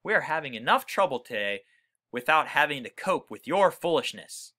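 A man's voice: fairly high pitch, sing-song, moderate pace, bright, forceful tone, exaggerated voice. A man doing a stern, growling father. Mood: exasperated. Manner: growling, scolding.

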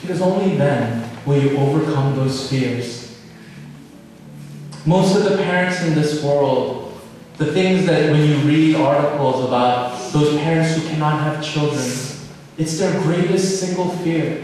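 A man's voice: fairly high pitch, unhurried, darkish tone, a little hiss or hum. A male pastor preaching a sermon, pleading with earnest questions to his listeners. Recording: echoey hall from far off.

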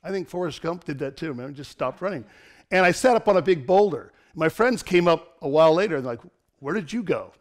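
A middle-aged man preaching an online sermon as pastor, lively and given to laughing asides and dramatic storytelling. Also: fairly high pitch, brisk.

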